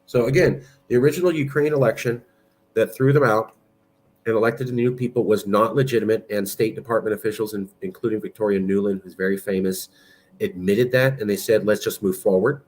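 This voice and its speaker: A man's voice: fairly low pitch, steady tone, brisk, darkish tone. A man giving blunt, argumentative political commentary while sharing his screen. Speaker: political movement president.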